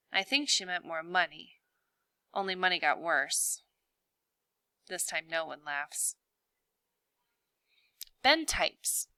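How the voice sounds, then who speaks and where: A woman teacher reading a novel aloud, slow and deliberate. Her tone is bright and crisp, and the recording is close and dry. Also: on the low side, no room sound.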